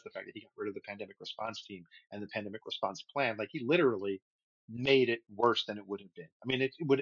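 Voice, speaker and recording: A man's voice: medium pitch, fairly bright tone, slightly rough, no room sound, dull audio. A man co-hosting a podcast in casual political chat, with wry, sarcastic asides. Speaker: podcast co-host.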